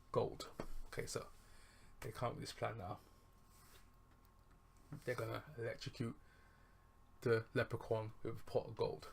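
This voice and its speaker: A man's voice: lowish voice, creaky, slight background noise. A man casually retelling a film's plot as a reviewer, rambling, chuckling and correcting himself as he goes. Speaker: movie reviewer.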